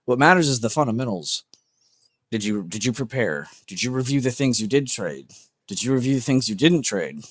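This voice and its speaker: A man's voice: medium pitch, lively intonation, moderate pace, no echo. Blunt swearing male stream host. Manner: blunt, emphatic, swears often, repeats himself. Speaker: livestream trading host. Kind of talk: unscripted livestream rant.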